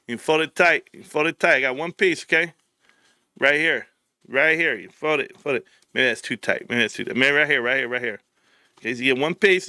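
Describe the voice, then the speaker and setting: A man's voice: fairly high pitch, dry recording, studio quality. A man hosting a live stream in casual chat, rambling, joking and swearing a lot. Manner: profane, rambling, joking, laughs loudly.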